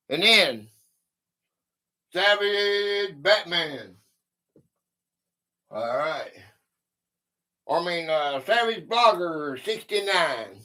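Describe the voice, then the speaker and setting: A man's voice: on the high side, expressive, extremely slow, long pauses, bright, forceful tone. A man hosting a casual livestream history quiz, chatting and greeting viewers by name. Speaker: livestream host.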